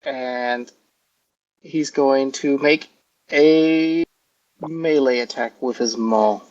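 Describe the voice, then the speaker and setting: Slow, rambling man playing a tabletop game. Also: medium pitch, a little mellow. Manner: rambling and halting, heavy on "like" and "um" fillers. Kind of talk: casual in-character describing of his hero's actions. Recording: dull lo-fi audio.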